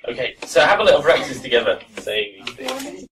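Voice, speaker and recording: A man's voice: a little high, brisk, a little hiss or hum. Encouraging male pronunciation teacher, distant mic. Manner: relaxed, encouraging. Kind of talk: classroom teaching. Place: classroom with students. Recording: voice from far off.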